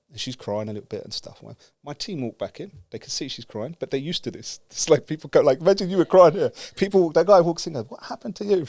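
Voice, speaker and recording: A man from the UK telling a story with lively energy, acting out the dialogue and laughing as he goes. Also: fairly high pitch, no room sound. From United Kingdom. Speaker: guest speaker. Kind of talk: animated storytelling.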